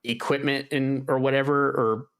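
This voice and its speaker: A man's voice: mid-range voice, little pitch movement, normal speed, fairly bright tone, clear, resonant tone. A man co-hosting a gaming podcast in casual chat, rambling with lots of "like" and acting out his own reactions in a raised voice. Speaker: podcast co-host.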